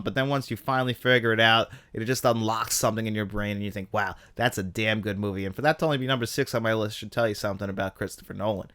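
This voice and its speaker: A man's voice: mid-range voice, pushed and bright, no room sound. A man hosting a film podcast, giving casual, opinionated commentary in an enthusiastic, chatty way. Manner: enthusiastic, chatty, laughs at his own jabs. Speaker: podcast host ranking films.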